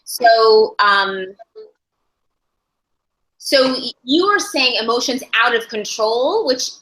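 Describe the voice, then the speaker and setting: A woman with a bright, slightly high voice leads a class, thinking aloud and often restarting her sentences. The room is echoey. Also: lively intonation, takes it slowly. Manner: thoughtful, searching for words, many restarts. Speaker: ASL interpreting instructor. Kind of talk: teaching a live class.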